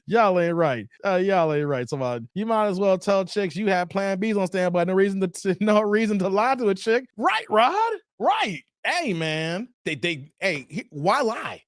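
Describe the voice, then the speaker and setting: A man hosting a live reaction stream, joking, laughing and giving shout-outs to viewers in the chat. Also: sits high, animated, moderate pace, no room sound, clean studio sound. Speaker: reaction video host. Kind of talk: casual live-stream commentary.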